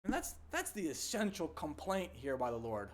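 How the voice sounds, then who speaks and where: Animated, high-voiced male preacher. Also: moderate pace. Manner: animated, rising high when voicing the Lord's complaints; conversational with frequent fillers and restarts. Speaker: pastor. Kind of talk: sermon.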